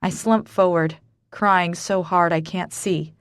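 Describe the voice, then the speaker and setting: A woman's voice: fairly low pitch, fairly even intonation, slow pace, clean tone, no echo, studio quality. A woman narrating a romance audiobook in the first person, intimate and dramatic.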